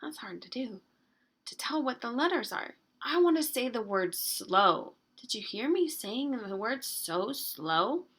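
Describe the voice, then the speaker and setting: A woman teaching an early-grade writing lesson, slowly stretching out the sounds of words and coaxing answers with gentle questions. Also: fairly high pitch, very animated, husky. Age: adult.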